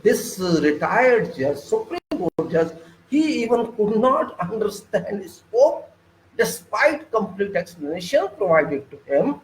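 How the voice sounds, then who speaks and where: A middle-aged man with an Indian English accent delivers an informal engineering lecture in a fairly high voice. He talks emphatically and indignantly, with his pitch leaping up on key points. The room around him sounds echoey. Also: sing-song, unhurried, a little hiss or hum.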